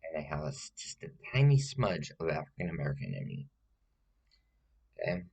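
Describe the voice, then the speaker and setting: A man playing a rambling self-styled witch woman who is confidently wrong. He hesitates with many fillers and keeps pressing with "okay?" in a deadpan comedic monologue. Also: rumbling low, brisk, gravelly, husky, heavily acted, low-quality recording. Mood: self-assured. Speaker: witch giving a tutorial.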